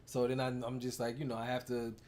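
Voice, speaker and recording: A man's voice: mid-range voice, completely flat delivery, fast talker, a little mellow. A man chatting casually and playfully as co-host, telling stories and acting out quotes. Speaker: co-host, partner of the coach. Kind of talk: casual chat.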